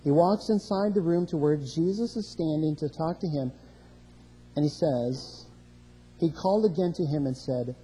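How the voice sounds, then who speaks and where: A man's voice: a little high, normal speed, dark tone, breathy edge, long reverb tail, poor audio. A man preaching a sermon, walking through scripture verse by verse and rising in emphasis on key questions. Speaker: pastor.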